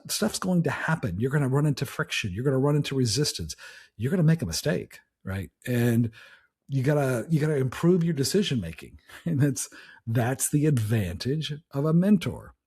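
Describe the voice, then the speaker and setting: A man with a husky, mid-range voice and a slightly mellow quality hosts a podcast. He gives a casual motivational talk in a conversational style, often restarting sentences and tagging lines with "right?"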